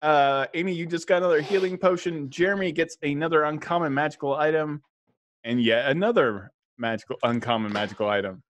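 A man's voice: on the high side, a little fast, a little hiss or hum. A man running a tabletop game as game master, narrating the setting and reading out donations with frequent chuckles and stumbles. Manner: chuckling, stumbles over words while reading.

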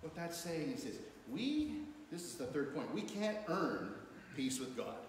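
A man preaches from the pulpit, his voice slightly high and rising with emphasis whenever he reads scripture aloud. The sound rings through a large church with heavy echo and a long reverb tail, and a faint room noise sits underneath. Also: big pitch swings, a little slow. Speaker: pastor. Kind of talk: sermon. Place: church sanctuary.

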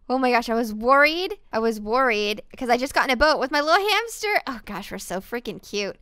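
A young woman hosting a modded block-building game session, gushing and gasping over cute animals in excited chat. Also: fairly high pitch, fairly quick, clear, resonant tone, no room sound. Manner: gushing, squealing over cute things, frequent gasps.

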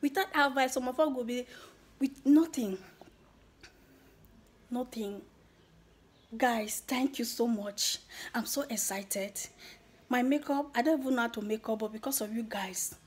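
A woman's voice: a little high, slightly rough. A woman with a Nigerian accent giving her viewers an earnest motivational talk, slipping into Pidgin phrases. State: emotional, near tears at the end. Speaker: YouTuber.

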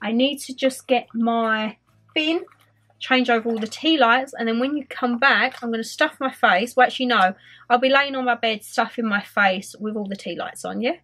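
A woman's voice: on the high side, normal speed, a bit bright. Chatty, giggly Northern English young woman. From Northern England. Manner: chatty, giggly, self-mocking. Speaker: vlogger. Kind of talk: casual vlog chat. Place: home.

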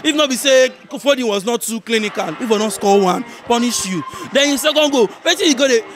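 A man with a Nigerian accent giving a heated football reaction, animated and argumentative, who keeps checking that his listener understands him. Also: very high-pitched, a little fast. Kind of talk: heated casual football debate. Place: viewing center.

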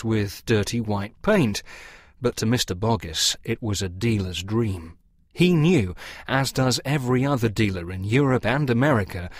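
Man reading a story aloud for learners, kinda husky, dry close sound. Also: mid-range voice, dry recording. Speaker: audiobook narrator. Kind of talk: scripted story narration for English learners.

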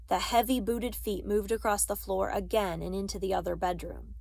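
A woman narrating a children's novel in a measured, expressive reading voice. The recording is very dry and close, with a mid-range pitch. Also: creaky, no echo. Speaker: audiobook reader.

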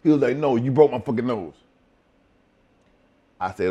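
A man's voice: mid-range voice, lively intonation, normal speed, pauses often, dark tone, slightly rough. Blunt, profane older man telling stories. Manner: blunt, profane, acts out quoted lines. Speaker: retired wrestler, interviewee. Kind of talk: profane storytelling interview.

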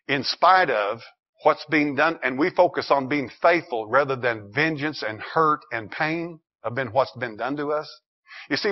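A male pastor preaching a sermon with emphatic, building delivery. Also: mid-range voice. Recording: dull lo-fi recording.

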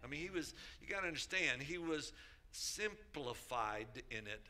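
A man preaching as a bishop, his voice pitched a little high and piercingly bright. He drives his points home by repeating phrases and calling out to his listeners. The delivery is emphatic throughout. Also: animated, normal speed. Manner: emphatic, repeats key phrases, calls out to the congregation. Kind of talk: sermon.

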